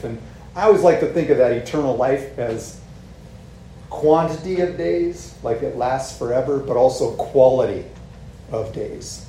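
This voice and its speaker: A man's voice: mid-range voice, lively intonation, normal speed, warm tone. A man preaching a sermon in a casual, conversational way, often asking "right?" to the congregation. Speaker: pastor. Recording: echoey room with faint ambient noise.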